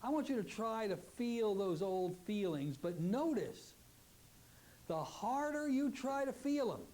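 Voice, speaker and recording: A man teaching a hypnotherapy technique, giving slow, drawn-out suggestions and acting out the client's replies. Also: high voice, expressive, a little mellow. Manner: acts out client and part voices in quick exchanges. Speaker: hypnotherapy instructor. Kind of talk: teaching lecture with demonstrations.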